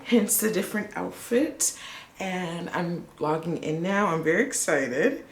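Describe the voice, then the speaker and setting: Excitable woman vlogger with a low, slightly gravelly voice, recorded in an echoey room. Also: unhurried. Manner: excitable, gushing. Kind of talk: casual vlog, reading results aloud.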